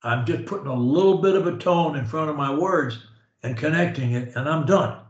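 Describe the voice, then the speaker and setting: A man working as a speech coach, talking slowly and stretching his words on a steady tone as he guides a client. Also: a little high, reverberant, dull audio. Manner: slow, drawn-out speech that holds a steady tone. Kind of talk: coaching conversation.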